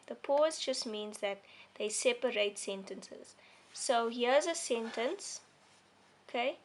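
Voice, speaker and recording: A woman's voice: a little high, a little hiss or hum. A woman teaching a lesson to young children, explaining things simply and patiently and often checking in with "okay?". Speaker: primary school teacher.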